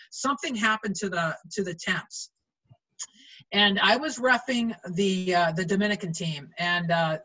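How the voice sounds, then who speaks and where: A woman's voice: medium pitch, a bit bright, muffled recording. A middle-aged woman, a volleyball referee, chatting animatedly in an interview and acting out quoted lines as she tells stories. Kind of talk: storytelling in an interview.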